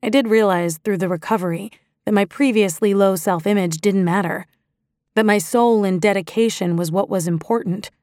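A woman's voice: medium pitch, normal speed, a little mellow, no echo. Female audiobook narrator, first-person, introspective, dry close recording.

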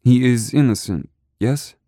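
Guy voicing a nervous young woman, soft hesitant questions, higher than his own voice, dry close recording. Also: unhurried, no echo, close to an everyday voice. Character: fragile young woman hiding a secret.

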